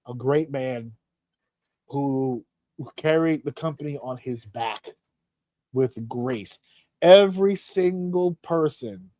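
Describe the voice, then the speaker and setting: Animated, foul-mouthed man hosting a podcast. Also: fairly high pitch, dry recording. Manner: animated, profane storytelling with acted-out shouts. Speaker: podcast host. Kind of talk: casual chat.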